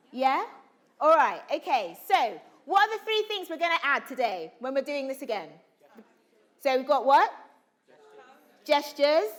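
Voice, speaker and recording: A woman actor leading a drama workshop, coaching students and calling out questions to a room full of people. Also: high-pitched. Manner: animated, calls out to the room, asks questions. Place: large room with a live audience.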